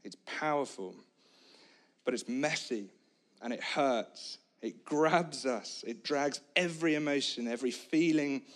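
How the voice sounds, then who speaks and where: A man preaching a sermon, retelling a story dramatically, moving between hushed, quiet lines and loud shouts. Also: medium pitch, measured pace.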